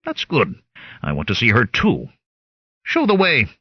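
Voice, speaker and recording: A man doing a gruff bogus noble, thick accent. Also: mid-range voice, wildly swooping pitch, measured pace, no echo, dull audio, full character voice. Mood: growling. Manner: growling, blustering.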